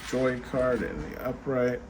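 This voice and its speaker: Steady background noise underlies a tired man's casual tarot reading for his channel. He talks slowly at a medium pitch, chatting straight to his viewers and leaning heavily on fillers.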